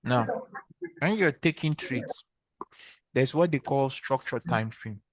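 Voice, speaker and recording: A man's voice: medium pitch, slow pace, no room sound. A man with a Nigerian accent teaching a trading lesson online, patiently walking through steps and quizzing his students with repeated questions. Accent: Nigerian English. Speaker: trading instructor. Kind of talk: online screen-share training session.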